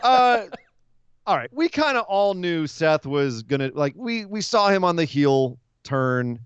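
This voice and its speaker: A man hosting a casual wrestling podcast, recapping events chattily with quick asides. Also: fairly high pitch, very animated, smooth, no echo, dull audio. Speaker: podcast host.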